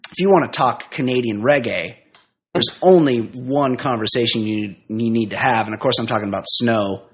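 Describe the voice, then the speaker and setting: A middle-aged man co-hosting a casual podcast. He makes dry, sarcastic asides at a middle pitch, and his delivery is quick and offhand. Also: a bit bright, slightly rough. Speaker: podcast co-host. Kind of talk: casual chat.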